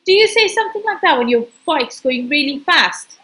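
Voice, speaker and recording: A woman's voice: sits high, normal speed, low-quality recording. Sing-song woman reading to a child. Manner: lively, sing-song, talks directly to a young child. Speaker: storyteller. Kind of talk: reading a picture book aloud to a child.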